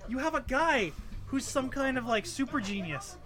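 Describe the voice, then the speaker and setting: A high, lively voice at a moderate pace carries this casual rant about a video game. The speaker is exasperated and sarcastic, swearing often and rambling with frequent restarts.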